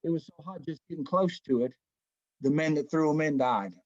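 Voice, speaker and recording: Folksy, fairly high-voiced man teaching Bible study. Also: a little fast, dry recording, lo-fi sound. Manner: folksy, keeps saying "man" and "right?".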